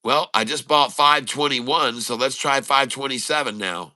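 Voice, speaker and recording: A man giving excited running commentary on his live day trades, calling out prices and talking to viewers as folks. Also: mid-range voice, normal speed. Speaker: day-trading streamer.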